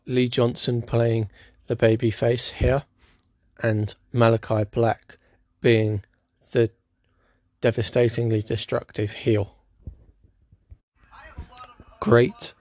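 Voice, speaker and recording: A man's voice: on the low side, darkish tone, no echo. A man giving a casual spoken recap of a wrestling show, with dry, sarcastic asides.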